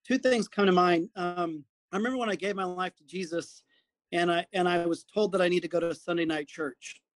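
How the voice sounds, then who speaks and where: A middle-aged man, a guest, telling a lively personal story and acting out what people said. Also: high-pitched, fairly quick, no echo. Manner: animated storyteller acting out quotes. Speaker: guest, comedy performer. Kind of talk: storytelling in casual conversation.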